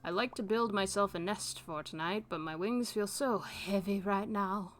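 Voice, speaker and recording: A woman's voice: medium pitch, moderate pace, slight background noise, natural voice. A woman reading game dialogue aloud for a chatty, adventurous female albatross explorer in a friendly, upbeat way.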